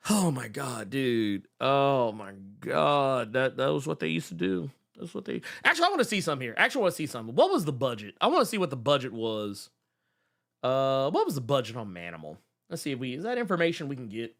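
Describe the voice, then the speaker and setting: On his live stream, a male host jokes with viewers casually, loud with exclamations and profanity and often laughing. His medium-pitched voice is very animated, creaky and fairly bright, and he talks briskly.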